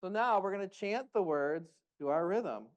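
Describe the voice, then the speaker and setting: A man's voice: high-pitched, animated, normal speed, lo-fi sound. A man leading a group music workshop, giving encouraging, upbeat instructions.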